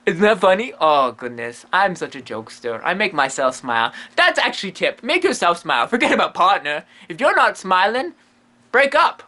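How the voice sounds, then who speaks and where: A man's voice: high-pitched, very animated, moderate pace, sharp tone, full character voice. A man playing a quirky, lonely, self-amused male ghost medium who talks in broken English, drops his articles and rambles in a comedy monologue. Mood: goofy. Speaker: comedy vlogger in character.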